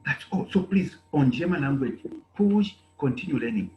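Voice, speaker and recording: A man's voice: fairly high pitch, expressive, moderate pace, reverberant, lo-fi sound. A man from Zambia with a Zambian English accent who addresses students at an intake meeting and tells them off with emphatic repetition. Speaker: program director addressing students. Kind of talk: lecturing speech at an online meeting.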